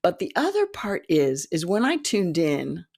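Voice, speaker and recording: A woman in her fifties, a psychic development teacher, telling a story in an animated, self-mocking way and laughing often. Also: lowish voice, a little slow, gravelly, breathy edge. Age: 50s. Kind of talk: storytelling monologue.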